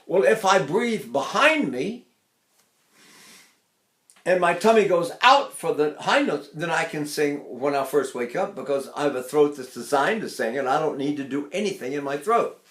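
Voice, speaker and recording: An animated man in his eighties gives a singing lesson with a bright, ringing voice. He speaks a little high for a man and drops into sung demonstrations and quick asides. The room is noticeably echoey. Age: 80s. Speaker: voice teacher.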